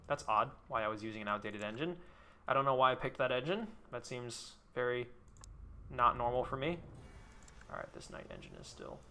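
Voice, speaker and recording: A man's voice: medium pitch, vocal fry, pushed and bright. A young man casually commenting on a game he is live streaming, bantering and joking with his chat and swearing freely.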